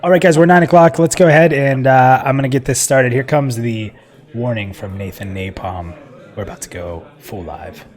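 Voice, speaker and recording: A man at a mid-range pitch hosts a live stream in relaxed, casual chat. He jokes with his guests and laughs easily, talking into a desk microphone. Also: normal speed. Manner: joking and chatty, laughs often. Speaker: live stream show host.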